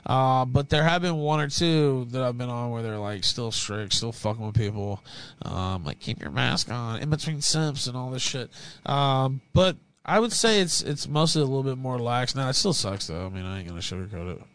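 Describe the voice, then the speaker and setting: A man's voice: mid-range voice, normal speed, a bit bright, clean tone, low-quality recording. A young man telling a blunt, profane story in casual podcast chat.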